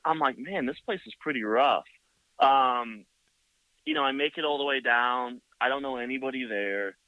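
A motorcycle builder telling a long story in casual chat, full of "like" and "you know.". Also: male voice, mid-range voice, moderate pace, dry recording. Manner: rambling, filler-heavy with many "like" and "you know". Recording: dull lo-fi, dry sound.

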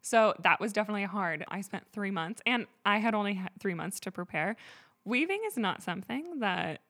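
A woman's voice: medium pitch, expressive, brisk, a bit bright. Chatty woman telling her story. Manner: chatty, filler-heavy with frequent "like". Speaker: interview guest, weaver. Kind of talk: casual interview storytelling.

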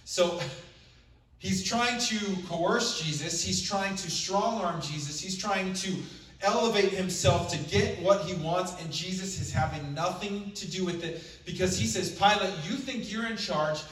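A man's voice: high voice, unhurried, fairly bright tone, distant mic. Man preaching in a very echoey room. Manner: casual, conversational retelling of scripture. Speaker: pastor. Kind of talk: sermon with scripture reading.

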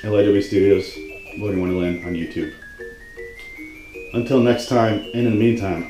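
A man's voice: lowish voice, moderate pace, long pauses, dark tone, reverberant, faint music behind, low-quality recording. Man in a profane, sarcastic rant. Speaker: video host. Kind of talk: comedic grammar rant.

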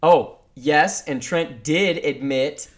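A man's voice: a little high, slow. A man co-hosting a casual podcast chat, rambling and teasing his friend, with frequent swearing. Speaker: podcast co-host.

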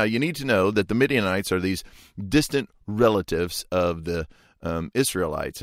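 A man's voice: lowish voice, no echo, clean studio sound. A man hosting a podcast, giving earnest, conversational commentary on a Bible reading and sometimes acting out the people in the story. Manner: earnest, conversational, acts out quoted voices. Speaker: podcast host.

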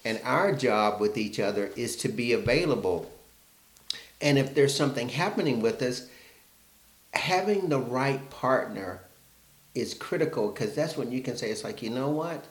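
A man's voice: medium pitch, animated, moderate pace, echoey room. A man co-hosting a casual relationship chat, reflective and self-mocking.

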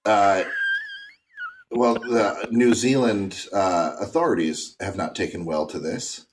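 A man co-hosting a casual talk show, recounting odd news stories in a relaxed, rambling way. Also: fairly low pitch, slow, slight background noise. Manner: relaxed, drifting into tangents with many fillers. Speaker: podcast co-host.

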